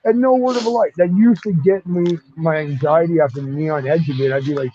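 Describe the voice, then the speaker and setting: Brief: man, guest on a voice chat, rambling and profane, slightly higher voice, dull lo-fi audio. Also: fairly quick, a little hiss or hum. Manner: rambling, profane, animated retelling. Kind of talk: casual storytelling chat. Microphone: online voice chat.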